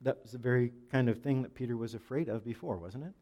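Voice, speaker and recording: A man preaching a Bible sermon, restarting phrases often and dropping softer when he quotes scripture. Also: mid-range voice, quick pace. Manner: preaching with frequent repeats and restarts, dropping soft for quoted lines. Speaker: pastor.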